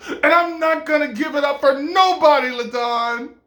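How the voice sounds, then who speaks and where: A man voicing an erratic, unstable young woman with a high, giggly voice that swings toward tears. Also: animated, a little slow, a bit bright. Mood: giddy defiant. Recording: roomy echo.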